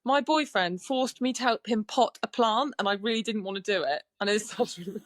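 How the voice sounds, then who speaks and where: A woman's voice: mid-range voice, fairly quick, no echo. A British woman guesting on a podcast, chatty and self-mocking in casual talk.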